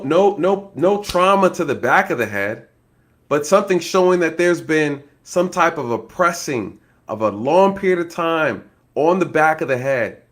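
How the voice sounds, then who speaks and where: A man who is a former law enforcement officer gives casual true-crime commentary. He is animated, laughs often, keeps addressing his viewers and acts out possible scenarios. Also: fairly high pitch.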